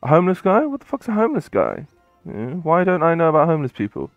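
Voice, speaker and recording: A man's voice: mid-range voice, sing-song, measured pace, no room sound, lo-fi sound, soft background music. A man voicing a curious, naive young prince who swears casually and talks in modern slang. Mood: baffled.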